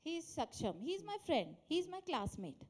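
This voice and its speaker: Indian lady teacher, high voice, quizzing the class and cheering them on. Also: big pitch swings, brisk, darkish tone. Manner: encouraging, quizzing students, mixing Hindi and English. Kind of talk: classroom English lesson.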